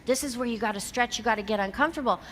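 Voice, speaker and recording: Bright-voiced woman in her fifties telling stories on stage. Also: fairly high pitch, racing. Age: 50s. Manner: animated storyteller who acts out quoted dialogue. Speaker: motivational seminar speaker. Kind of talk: storytelling keynote talk to a live audience. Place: large hall with an audience. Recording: long hall reverb, faint background noise.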